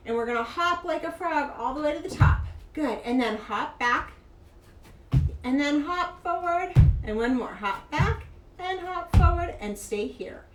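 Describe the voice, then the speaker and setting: A woman teaching a kids' yoga class, gentle, playful and encouraging as she guides a child through poses. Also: sits high, recorded from a distance. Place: yoga studio. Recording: echoey room, mic from afar.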